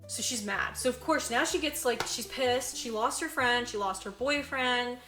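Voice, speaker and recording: Recapping a film in casual podcast chat, a woman with a slightly high voice speaks at normal speed, acting out the characters' quotes and using "like" often. She's an animated storyteller, recorded in an echoey room with background music.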